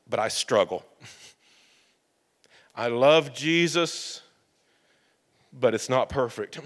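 A man preaching a sermon in a church, in a slow, measured, reflective way. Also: a little high, smooth. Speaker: pastor. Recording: long reverb of a church hall.

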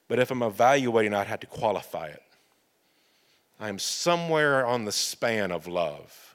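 A man preaching a sermon in a church, in a slow, measured, reflective way. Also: medium pitch. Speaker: pastor. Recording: long reverb of a church hall.

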